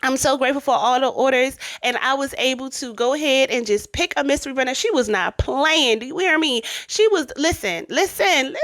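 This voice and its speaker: Casting note: woman, fairly high voice, sassy hype-up self-help vlogger, dry close recording. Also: fairly quick, hardly any pauses, fairly bright tone, dry recording. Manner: emphatic, repetitive, calls listener girl and babe; sassy slang-filled pep talk. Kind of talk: motivational monologue.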